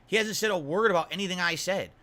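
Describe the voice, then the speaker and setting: Bright-voiced man complaining on stream. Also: high-pitched, fast. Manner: incredulous, complaining, repeats himself. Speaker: video game streamer. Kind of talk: live-stream rant to his audience.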